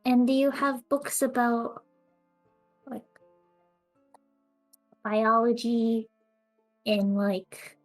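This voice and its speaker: A woman's voice: a little high, very slow, pauses often, faint music behind, rough recording. A woman playing a tabletop game, speaking hesitantly and repeating herself. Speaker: player. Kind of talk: tabletop role-play chat.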